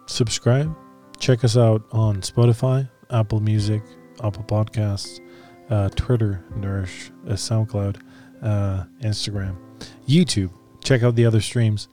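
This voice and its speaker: A calm man co-hosting a podcast in casual chat, soft-spoken as he explains music styles. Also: fairly low pitch, takes it slowly. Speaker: podcast co-host.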